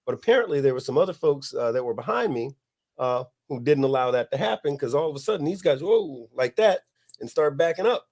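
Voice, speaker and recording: A middle-aged man, hosting a podcast and telling a long, profane story in a relaxed way, laughing as he goes. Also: fairly high pitch, brisk, vocal fry. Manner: laid-back, profane, laughs at his own story. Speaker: podcast host. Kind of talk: casual storytelling.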